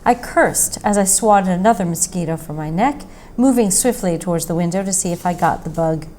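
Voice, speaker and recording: A woman reading a mystery short story aloud in a steady, measured narration. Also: on the low side, slight background noise, low-quality recording. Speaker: story reader.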